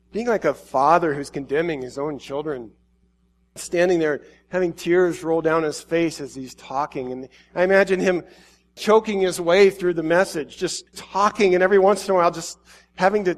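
A man with a voice on the high side preaches an emotional sermon. He swings between hushed pauses and urgent passages that quicken.

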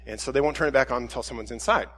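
Animated male pastor telling a story. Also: medium pitch, very fast, in a large hall. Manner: animated, self-deprecating anecdote with many restarts. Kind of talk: storytelling sermon.

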